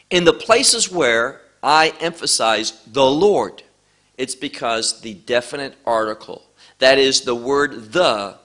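A man's voice: medium pitch, sharp tone. A man preaching verse by verse through a Bible passage, leaning hard on key words and stretching them out. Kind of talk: expository Bible teaching.

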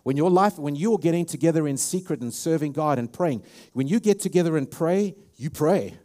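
A man's voice: fairly high pitch, expressive, fairly quick, dark tone. South African man preaching a sermon. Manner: repetitive, emphatic, with many restarts. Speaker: pastor.

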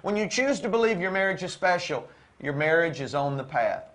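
A high-pitched man preaching about marriage with rising fervor, repeating phrases and pushing toward near-shouts. His voice sits well above the usual male range, and his delivery swings between quick runs and slow, stressed words. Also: expressive. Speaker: co-host of a Christian marriage show. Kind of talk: preaching-style talk.

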